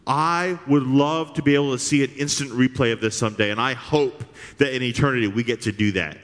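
A man preaching a sermon, animated and sarcastic, acting out the scripture with big swings in his voice. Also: medium pitch, a little fast, few pauses, long reverb tail. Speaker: pastor.

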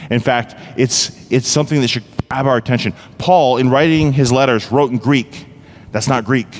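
A man preaching a sermon as a pastor and praying aloud for his congregation, earnest and heartfelt, moving between brisk explanation and slow, weighty emphasis. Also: mid-range voice, long reverb tail, a little hiss or hum. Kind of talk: sermon with spoken prayer. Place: church sanctuary.

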